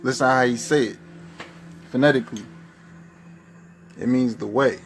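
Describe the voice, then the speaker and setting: A man's voice: medium pitch, steady tone, moderate pace, a little hiss or hum. A man preaching a spoken-word sermon, firing off fervent rhetorical questions.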